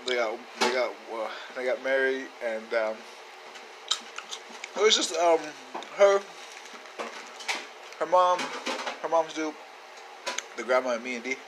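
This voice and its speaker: A man telling a story in a casual video message, rambling and laid-back, with many fillers and casual swearing, growing loud and excited as it builds. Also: medium pitch, measured pace, long pauses, noisy background. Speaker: sender of a video message to a friend. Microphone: phone video message.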